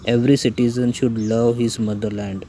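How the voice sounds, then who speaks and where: A man teaching English grammar, reading out definitions and example lists one by one in a slow, even recitation. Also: mid-range voice, a little hiss or hum, poor audio. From India.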